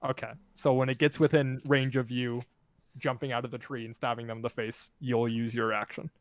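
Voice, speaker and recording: A man's voice: medium pitch, little pitch movement, a little fast. A man running a tabletop game as game master, casually counting out moves and rulings. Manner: casual, counts out movement step by step.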